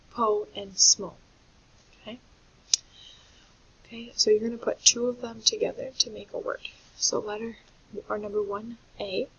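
A woman teacher walks young children through a phonics lesson in a patient, clear way. Her voice has a gravelly edge. The recording sounds dull and lo-fi, with a faint hiss underneath. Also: mid-range voice, a bit bright.

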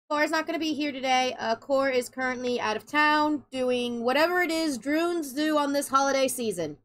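A woman's voice: high-pitched, a bit bright. A woman chatting casually on a game stream, goofy and rambling, swearing as she goes. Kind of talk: casual live-stream chat.

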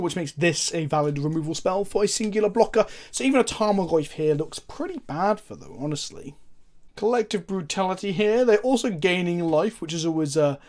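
A man's voice: sits high, darkish tone. Man thinking aloud over a card game. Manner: thinks aloud, asks viewers questions, swears in frustration. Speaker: host, gameplay commentator.

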